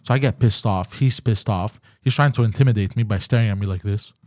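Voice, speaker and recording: A man's voice: on the low side, brisk, no echo, clean studio sound. A man hosting a podcast who tells stories in casual chat, swearing and acting out both sides of the conversation. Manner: animated, profane, acts out both sides of the story. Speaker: podcast host.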